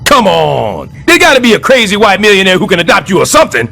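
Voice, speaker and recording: A blustering cartoon building super, boastful and sarcastic, high and bright-toned voice, pitch swinging wildly, faint music underneath. He talks big and schemes out loud. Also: wildly swooping pitch, fast, gravelly, exaggerated voice. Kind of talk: animated sitcom voice acting.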